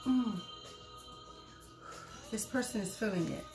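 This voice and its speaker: A woman's voice: medium pitch, slow, over music. A woman doing a casual tarot reading, blunt and profane, repeating her points. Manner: acts out quoted lines loudly. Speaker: tarot reader.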